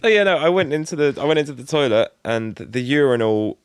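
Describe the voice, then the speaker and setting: A man's voice: medium pitch, animated, brisk, smooth, dry recording. A young man chats on a casual podcast and tells his own stories, laughing often and trailing off into fillers. His voice moves up and down with plenty of life. The sound is dry, with no room around it. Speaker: podcast co-host. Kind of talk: casual chat, storytelling.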